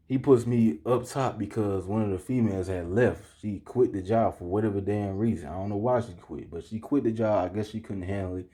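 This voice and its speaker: A man's voice: lowish voice, dark tone. A young man vlogging, telling a story casually to the camera in heavy slang, often checking in with the listener and getting heated as he retells it. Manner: slangy, keeps asking "you feel me", heated when retelling.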